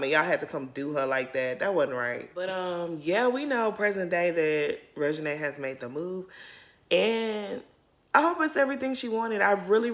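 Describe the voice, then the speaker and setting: A woman's voice: on the low side, fairly bright tone. A woman giving a casual, candid recap of a reality show episode, talking straight to her viewers. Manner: chatty, addresses viewers as y'all; candid, openly emotional. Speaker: reality TV commentary YouTuber. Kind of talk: casual recap commentary to camera.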